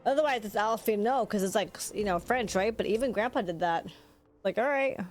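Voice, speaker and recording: A woman's voice: medium pitch, brisk. A woman streaming a video game live, chatting casually and rambling to herself as she plays. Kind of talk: casual live-stream chat while gaming. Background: game music.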